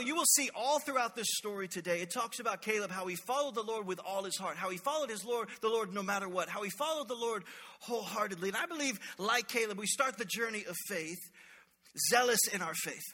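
A male pastor preaches with a very high voice and a tense, cutting brightness, full of playful energy and call-outs to the congregation. The sermon rings through a church sanctuary with a long, trailing reverb. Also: slightly rough.

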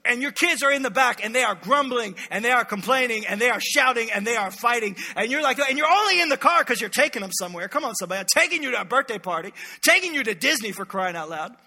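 Male pastor preaching, very high bright voice, long hall echo. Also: fast, hardly any pauses. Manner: animated, storytelling, jokes with congregation. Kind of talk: sermon. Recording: echoey hall reverb.

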